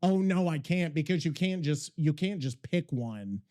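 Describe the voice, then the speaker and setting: A man hosting a podcast in casual chat, rambling, excitable and swearing freely. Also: a little high, normal speed. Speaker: podcast host.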